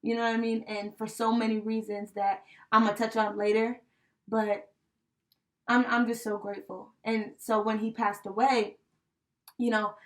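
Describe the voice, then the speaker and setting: A young woman co-hosting a podcast, telling a personal story in casual chat, heartfelt and animated, with many fillers like "you know" and "right?". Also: on the high side, normal speed. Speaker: podcast co-host. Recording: voice a bit distant from the mic.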